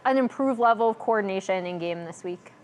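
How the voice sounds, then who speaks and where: A woman co-hosting an esports analyst desk, asking a player questions in quick, chatty speech. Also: mid-range voice. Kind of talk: post-match desk interview.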